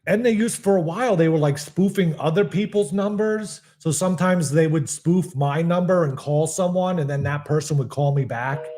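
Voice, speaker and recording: A man's voice: fairly high pitch, normal speed, few pauses, darkish tone. A man with a New York accent co-hosting a live comedy podcast, chatting in a laid-back, rambling way with lots of fillers. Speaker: podcast co-host. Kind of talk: casual comedic chat.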